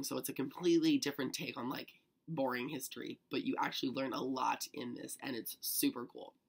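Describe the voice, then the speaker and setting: A young man telling a story to camera in a chatty, excitable vlog manner, full of "like". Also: mid-range voice. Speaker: vlogger.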